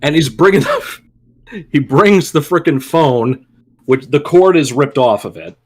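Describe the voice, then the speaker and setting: A man's voice: fairly high pitch, expressive, unhurried, slightly rough. Amused man telling a story. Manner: laid-back, amused, acts out quoted lines. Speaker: podcast co-host. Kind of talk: casual storytelling chat.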